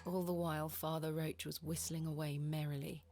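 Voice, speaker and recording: A woman's voice: sits low, level tone, moderate pace, crowd noise. An actress playing a composed, polite young woman archaeologist who narrates and speaks in a video game. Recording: game voice with music behind.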